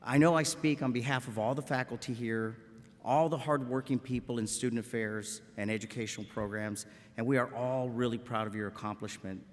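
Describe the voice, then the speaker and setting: A brisk, medium-pitched male voice with fairly even intonation belongs to a fifty-something medical school professor from South Texas's Rio Grande Valley, accent and all. At a graduation in a large auditorium, he gives a folksy, humorous commencement talk, frequently adding "okay?" as a question. Long reverb and echo fill the recording.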